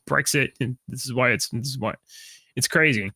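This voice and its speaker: Podcast guy, kinda high bright voice, rambles and cracks himself up, dry close mic. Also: steady tone, moderate pace, dry recording. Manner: rambling, self-interrupting, laughs at own jokes. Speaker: podcast co-host. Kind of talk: casual chat.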